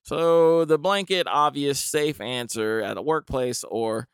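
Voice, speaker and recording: A man's voice: a little high, takes it slowly, clear, resonant tone, dry recording, clean studio sound. A young man telling a comic story with wry, rambling asides. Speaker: comedian. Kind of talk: storytelling comedy monologue.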